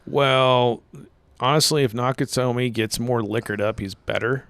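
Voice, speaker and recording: A man's voice: mid-range voice, steady tone, moderate pace, fairly bright tone, clean tone, no echo. A man co-hosting a casual baseball podcast, rambling with lots of "like" and laughing often. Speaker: podcast co-host. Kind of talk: casual chat.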